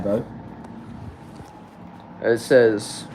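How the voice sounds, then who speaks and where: A man's voice: fairly low pitch, moderate pace, darkish tone, slight background noise, low-quality recording. Laid-back man reading comments. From Texas. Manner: reads comments aloud and answers them casually. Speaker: livestream host. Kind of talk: casual livestream chat reading comments.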